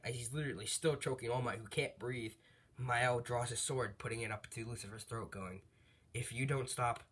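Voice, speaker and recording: A man telling a fan story off the cuff, full of fillers, asides and quick corrections. His voice is husky and ordinary in pitch. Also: steady tone, a bit bright. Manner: rambling, with fillers and laughs. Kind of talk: casual fan story narration.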